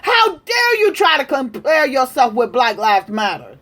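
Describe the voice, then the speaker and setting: A woman's voice: high voice, very animated, measured pace, a bit bright. A woman delivering a heated, profane political rant, repeating her points with emphasis. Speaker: political commentator.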